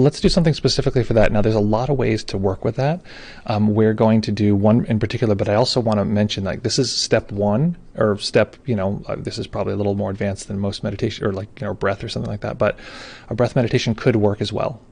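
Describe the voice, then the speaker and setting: A man guiding a meditation session, talking fast and loosely and restarting his sentences as he goes. His voice is gravelly with a husky edge and sits a little low. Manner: relaxed and informal, with frequent restarts. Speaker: meditation teacher. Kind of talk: explaining meditation in a live call.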